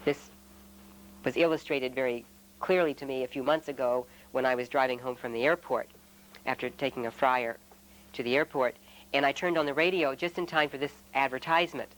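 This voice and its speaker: Measured male retreat leader. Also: mid-range voice, fairly even intonation, rough recording. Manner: measured and reflective, with gentle humor. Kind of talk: spiritual retreat talk.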